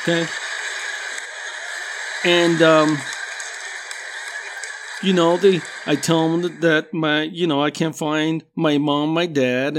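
A middle-aged man tells stories in a slow, unhurried way, peppering them with curses and laughter. His voice sits a bit high for a man, and he rambles with plenty of filler. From Mexican-American. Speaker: storyteller. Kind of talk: casual profane storytelling.

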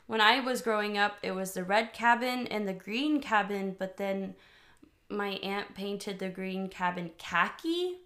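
A woman's voice: mid-range voice, a little slow, a bit bright. A woman co-hosting a podcast in casual chat, chatty and giggly, rambling through stories.

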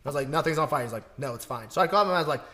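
A young man with a slightly high, bright voice tells a rambling party story among friends. He swears freely and laughs as he talks, in a casual chat. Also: lively intonation, rapid-fire.

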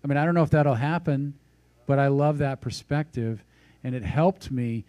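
Male preacher, conversational sermon delivery with asides, warm mellow tone, dry recording. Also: medium pitch, normal speed, dry recording. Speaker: pastor.

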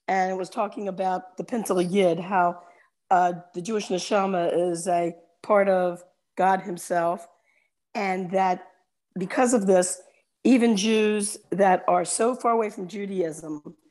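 A woman's voice: mid-range voice, a little mellow. Chatty rambling woman telling stories. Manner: chatty, rambling, laughs easily. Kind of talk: casual chat and joke telling.

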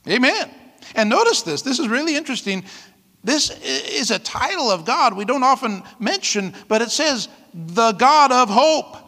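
Pastor guy preaching, high bright voice, keeps asking amen, echoey hall. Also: moderate pace. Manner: lively preaching, frequent "amen?" calls, laughs often. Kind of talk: sermon.

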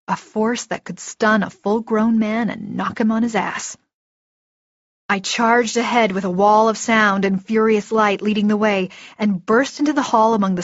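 A woman narrating a first-person audiobook in a steady, vivid storytelling manner. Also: medium pitch, no room sound. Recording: dull lo-fi recording, dry.

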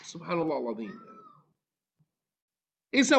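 A man's voice: high voice, normal speed, fairly bright tone, lo-fi sound. A man teaching a religious class, reciting Arabic verses, translating them and asking his listeners rhetorical questions.

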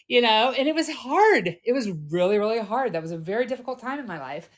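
Woman co-host, 40s, higher pitch, confessional and earnest in a candid chat. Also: lively intonation, a little fast, hardly any pauses. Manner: earnest, confessional, trails off softly. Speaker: podcast co-host.

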